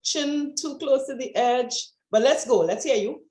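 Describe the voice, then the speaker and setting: A woman coaching speakers over a video call, giving brisk, encouraging directions. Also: high-pitched, warm tone, reverberant. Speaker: presentation coach. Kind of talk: online coaching session.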